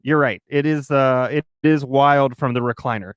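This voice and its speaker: Smooth-voiced man chatting on a home stream. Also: mid-range voice, steady tone, moderate pace, hardly any pauses, dry recording, clean studio sound. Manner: chatty, joking, rambling asides. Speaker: live-stream host. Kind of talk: casual chat with live chat viewers. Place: at home in a recliner.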